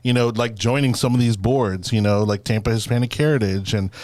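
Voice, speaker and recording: A man's voice: fairly low pitch, brisk, darkish tone, dry recording, clean studio sound. A man hosting a casual political podcast chat, rambling with lots of fillers and restarts. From Florida. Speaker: podcast host.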